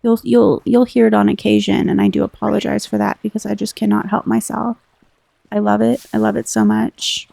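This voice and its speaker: An American woman giving relaxed, rambling commentary while playing a game, chatting to her viewers. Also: mid-range voice, brisk, vocal fry, dry recording. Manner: chatty, rambling, reads game text aloud. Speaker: gameplay commentator.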